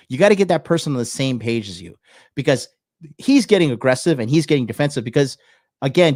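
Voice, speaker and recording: A man's voice: on the high side, a little mellow, no echo. Young male host, brash and foul-mouthed, dry close sound, reacting live to a clip. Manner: blunt and profane, loose and swaggering. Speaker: dating coach hosting a call-in show.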